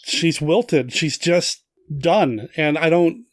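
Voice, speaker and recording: Male podcast host, slightly high voice, enthusiastic, dry recording. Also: lively intonation, slow, no room sound. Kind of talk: casual film discussion.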